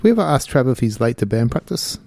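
A man in his fifties with a gravelly, dark voice, chatting loosely on community radio. He rambles into anecdotes and pokes fun at himself. The sound is close and dry, recorded in a radio studio. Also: medium pitch, sing-song, fast, no echo. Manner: rambling, self-mocking storyteller. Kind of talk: casual radio chat between songs.

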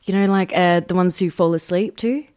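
A woman's voice: lowish voice, moderate pace, a little mellow, clear, resonant tone. A young woman co-hosting a radio show, upbeat and teasing in casual chat. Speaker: radio co-host.

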